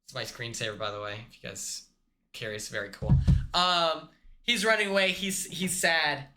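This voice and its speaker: A man's voice: fairly high pitch, fairly even intonation, moderate pace, noisy background. A man hosting a comedic movie recap, rambling and acting out the characters' lines himself. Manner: rambling, acts out characters in quotes. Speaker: host.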